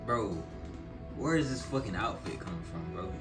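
A young man doing reaction commentary, with excitable, incredulous and profane outbursts. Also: on the low side, moderate pace, reverberant, distant mic, music in the background. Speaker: reaction streamer.

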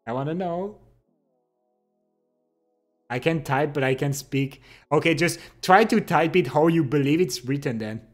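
A young man with a French accent chats slowly and unhurriedly with his stream audience, his voice sitting a little high. He teases and laughs a lot, stopping and restarting as he hunts for English words, while soft music plays faintly underneath. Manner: laughs often, playful and teasing, speaks English with pauses and restarts. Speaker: live streamer. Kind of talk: casual chat, reading out viewer comments. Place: home streaming setup.

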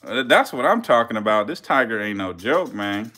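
A man giving casual live-stream commentary as a reptile keeper, chatty with viewers, swearing and getting excited. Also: mid-range voice, normal speed, hardly any pauses, breathy edge.

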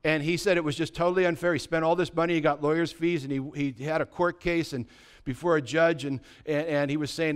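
A man's voice: a little high, fairly even intonation, fairly quick, clear, resonant tone. A pastor preaching a sermon, asking his congregation rhetorical questions and telling a story with acted-out dialogue. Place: church.

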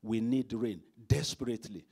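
A man's voice: mid-range voice, moderate pace, gravelly, warm tone, slightly rough. Man preaching, emphatic delivery, mid-range voice, rhetorical questions. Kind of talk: sermon. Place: church service.

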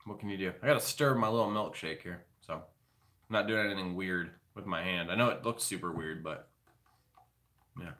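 Bright-voiced man, profane and joking. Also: low voice, moderate pace, long pauses. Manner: profane, joking, loose and conversational. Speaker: live-stream host. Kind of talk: rambling comedic monologue.

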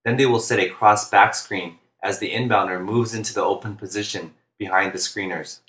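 A man, a basketball coach, narrating instructional plays in a flat, deliberate monotone, speaking clearly. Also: fairly low pitch, reverberant. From United States. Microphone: home recording for narration.

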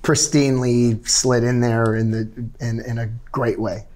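A man's voice: medium pitch, little pitch movement, measured pace, darkish tone. Man guest, easygoing, hesitant fillers, casual chat. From Southern California.

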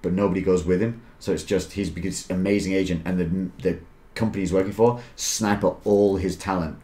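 Deep-voiced Australian man. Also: a little fast. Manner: relaxed storytelling, laughs easily, swears casually. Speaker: podcast host. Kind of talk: casual chat.

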